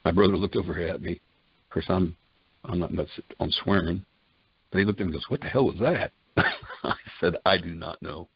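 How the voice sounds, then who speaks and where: An older man with a very deep, gravelly and husky voice tells his personal story in a folksy, conversational way. He acts out old conversations in quoted exchanges. The sound is dry and dull, like a lo-fi recording. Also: steady tone, normal speed, no echo. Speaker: testimony speaker.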